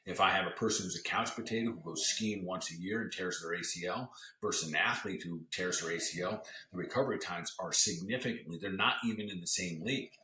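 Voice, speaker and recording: A man with a low, deep voice and a bright, forceful edge gives an earnest motivational health talk as a podcast host. He coaches his listeners directly and often restarts mid-sentence. The room around him sounds echoey. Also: a little fast, hardly any pauses.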